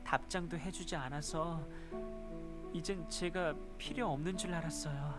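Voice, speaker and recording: A man's voice: on the high side, steady tone, very fast, over music, close to an everyday voice. A man voicing a feverish, shivering young man who is clingy and weak in a dating game. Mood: weak, pleading. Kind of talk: otome game voice acting.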